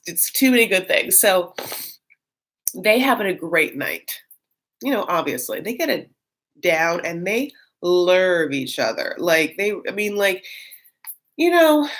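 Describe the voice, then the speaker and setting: A woman's voice: on the low side, a bit bright. A woman hosting a live stream, chatting casually and rambling with lots of fillers and giggles. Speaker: live-stream host reacting to a reality show.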